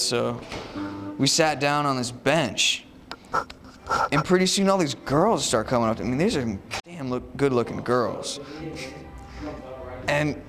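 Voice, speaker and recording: A man's voice: medium pitch, expressive, measured pace, long pauses, music in the background. A man vlogging, telling a casual story in a rambling way, full of "you know" and "like".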